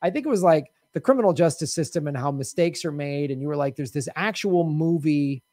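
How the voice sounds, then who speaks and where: A man's voice: a little high, a little fast, dark tone, dry recording, clean studio sound. A man hosting a comedy quiz show, telling a road-trip story with lots of laughter. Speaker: game show host. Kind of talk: casual comedy podcast chat.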